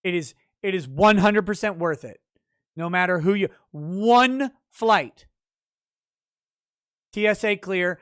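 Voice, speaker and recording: A man hosting a livestream, reading chat and ranting in a profane, laughing way, with sudden loud bursts. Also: high voice, expressive, slow, pauses often, clear, resonant tone, no room sound, studio quality.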